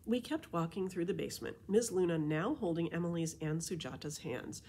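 A woman librarian reading a children's chapter book aloud in an expressive storytelling voice. Her pitch is low, yet it swings widely as she brings the story to life. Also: fairly quick, a little hiss or hum.

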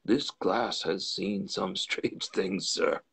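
A man reads as a deferential old butler, quiet and respectful. The voice sits low with a gravelly edge. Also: takes it slowly, heavily acted. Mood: hushed. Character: deferential older male butler, hushed.

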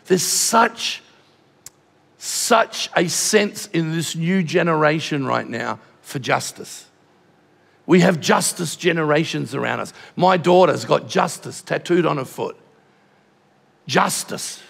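An older Australian man preaching with passion, his voice sitting high and rough with gravel. He carries a church sermon with a long hall reverb around him. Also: lively intonation, slow. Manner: passionate, drops to a hushed voice in tender moments. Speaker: pastor. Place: large church auditorium.

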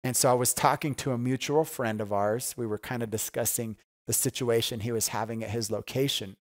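A pastor giving a conversational, earnest sermon, often asking "right?" and repeating key phrases for emphasis. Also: male voice, medium pitch, steady tone, a little fast, dry recording, clean studio sound.

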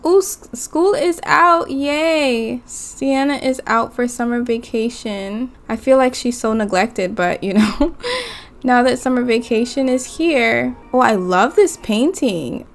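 A young woman giving casual, chatty commentary while playing a life-sim game and talking to her characters and viewers. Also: a little high. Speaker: gaming YouTuber.

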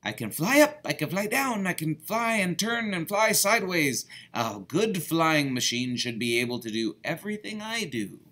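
A man voicing a cheerful, sensible little bird in a children's story read aloud, with a high, sing-song chirping manner. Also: sing-song, moderate pace, few pauses, bright, forceful tone.

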